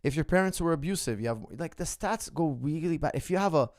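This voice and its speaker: A man's voice: a little high, animated, fairly quick, a little mellow, no room sound, studio quality. A middle-aged man, a martial arts coach, answering viewer questions in an earnest, philosophical casual monologue. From the West.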